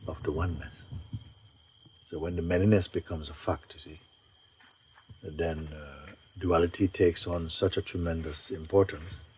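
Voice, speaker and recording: A man with a somewhat low voice leads a spiritual talk at a retreat gathering. He speaks gently and without hurry, laughing easily as he goes, with a faint hiss behind him. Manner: gentle, unhurried, often laughing. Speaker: spiritual teacher.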